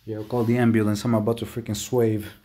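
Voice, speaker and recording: A man's voice: on the low side, level tone, fairly quick. Exasperated swearing gamer guy. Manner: loud exasperated reactions, heavy swearing. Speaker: gaming YouTuber. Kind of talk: gameplay commentary. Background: background music.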